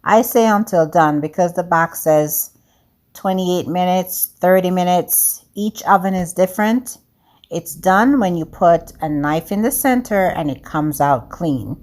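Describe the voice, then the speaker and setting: A woman's voice: lowish voice, measured pace, a little mellow. A woman with an accent, chatting upbeat to viewers as she demonstrates a home baking recipe. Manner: upbeat, talks straight to viewers as "guys"; speaks with a non-native accent of English. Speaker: home cooking vlogger.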